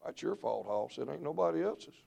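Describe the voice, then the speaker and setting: A middle-aged man preaching a revival sermon in church, swinging between low murmurs and shouted peaks. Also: expressive, brisk, creaky, slightly rough. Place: church sanctuary.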